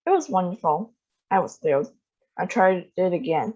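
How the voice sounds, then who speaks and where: A woman reading a children's novel aloud in an expressive storytelling manner. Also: lowish voice, normal speed. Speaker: storybook reader. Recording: dull lo-fi sound.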